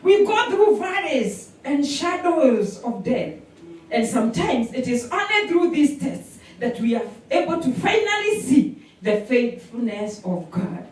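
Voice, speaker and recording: Woman, pastor, sermon, very animated pitch, echoey distant hall. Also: a little slow. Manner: animated preaching with call-and-response and repetition. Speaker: preacher. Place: church sanctuary.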